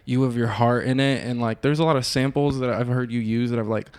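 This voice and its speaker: A man's voice: medium pitch, fairly even intonation, fairly quick, a little mellow, clean tone, dry recording. A man hosting a podcast, asking casual interview questions, cursing loosely and filling with "like". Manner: casual, swears freely, fills with "like". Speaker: podcast host.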